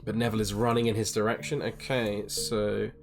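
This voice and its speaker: A man acting as dungeon master, narrating the scene and calling for rolls in a relaxed way. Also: fairly low pitch, brisk, gravelly. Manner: relaxed, explains rules and asks for checks. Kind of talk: narrating a tabletop game.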